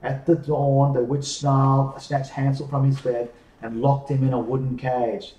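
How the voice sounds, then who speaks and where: A man reading a fairy tale aloud in a measured way, pausing for drama, recorded off-mic in an echoey room. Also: mid-range voice, flat delivery, dark tone, recorded from a distance. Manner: measured, slowing for dramatic pauses. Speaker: storyteller. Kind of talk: storybook read-aloud.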